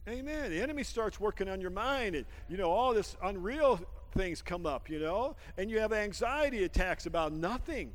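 High-voiced, animated preaching man. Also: normal speed, hardly any pauses, big-room sound. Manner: animated, laughing often, swinging from shouts to near-whispers; folksy, calls everyone "man". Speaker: pastor. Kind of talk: sermon.

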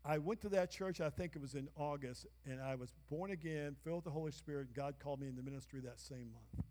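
High-voiced older pastor in a reverberant church. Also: male voice, quick pace. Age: 60s. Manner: call-and-response, bursts of shouting. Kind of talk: sermon. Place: church sanctuary. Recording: long reverb of a church hall.

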